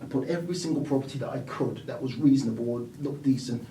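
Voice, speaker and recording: A man telling a story in a casual interview, lively, acting out quotes and laughing as he talks. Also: mid-range voice, quick pace, a little hiss or hum. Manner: animated, laughs mid-sentence, acts out quotes. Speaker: property investor guest. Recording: echoey room, mic at a distance.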